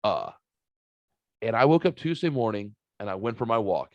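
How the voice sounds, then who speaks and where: Male podcast host from the Saint Louis area, casual storyteller, lively and profane, dry close mic. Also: on the low side, normal speed, no room sound, highs cut off. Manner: animated, swearing, acts out quotes. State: recovering from a sinus virus.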